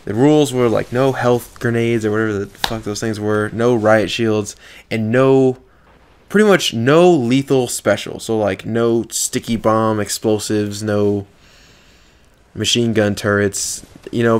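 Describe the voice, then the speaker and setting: A man's voice: on the low side, a little slow, clean tone. A young man telling a story from an online game in a casual, profane vlog. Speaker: gaming video creator.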